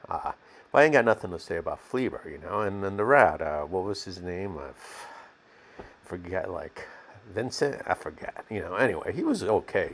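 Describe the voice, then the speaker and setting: A man's voice: low-pitched, creaky, slightly rough, full character voice. A man playing a streetwise, cigar-smoking male non-actor who rambles in slang with lots of fillers in a mock documentary interview.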